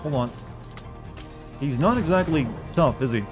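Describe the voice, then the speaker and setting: A man's voice: fairly high pitch, lively intonation, measured pace, music in the background. An American man giving casual, rambling commentary while streaming a video game, self-deprecating and full of restarts. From United States.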